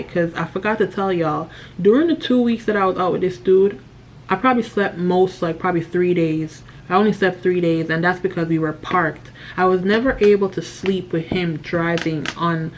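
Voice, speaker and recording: Animated woman telling a trucking story. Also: fairly low pitch, a little hiss or hum, rough recording. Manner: animated, indignant storytelling, addresses viewers as y'all and guys. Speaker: truck driver vlogger. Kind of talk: casual storytelling vlog.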